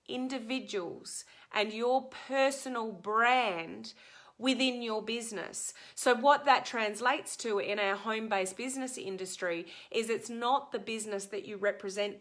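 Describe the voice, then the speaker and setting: Chatty middle-aged Australian woman, bright tone, live-stream coach answering viewers. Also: mid-range voice. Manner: chatty, answers viewer comments, frequent ums. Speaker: social media coach.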